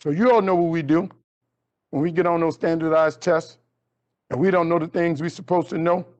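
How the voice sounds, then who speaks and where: A man's voice: a little fast, lo-fi sound. A man giving a motivational talk, telling a story and acting out every line of dialogue. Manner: animated storyteller acting out dialogue with big pitch jumps. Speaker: motivational speaker. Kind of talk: storytelling keynote speech.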